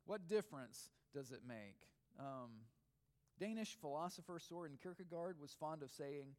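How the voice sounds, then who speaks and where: A man's voice: fairly high pitch, animated, moderate pace, a little mellow. A man preaching a sermon as pastor, pressing his listeners with repeated questions and emphatic points. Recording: long hall reverb.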